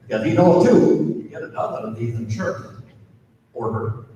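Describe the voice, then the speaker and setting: A man from Minnesota, a priest, telling a story to an audience in a slow, deliberate way with dramatic pauses and repetition. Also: medium pitch, expressive, dark tone, recorded from a distance. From Minnesota, USA. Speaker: priest giving a talk. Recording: echoey hall, voice heard from afar.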